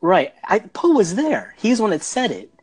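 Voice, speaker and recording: A man's voice: sits high, big pitch swings, moderate pace, a little mellow, husky. A man hosting a casual movie discussion podcast, talking in an enthusiastic, rambling way as he steers the conversation. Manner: enthusiastic, rambling, leading the talk. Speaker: podcast host.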